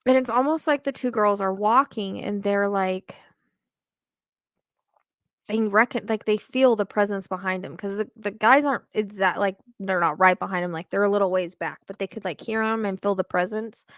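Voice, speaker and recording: A woman's voice: medium pitch, moderate pace, no echo, studio quality. A woman giving a psychic reading in casual, hesitant talk full of fillers and restarts. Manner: hesitant, rambling with many fillers. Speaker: psychic medium.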